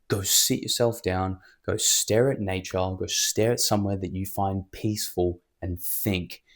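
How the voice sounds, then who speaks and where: Fired-up, low-voiced man. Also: fairly even intonation, a little slow. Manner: fired-up and emphatic, rambling. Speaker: vlogger. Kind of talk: motivational vlog storytelling.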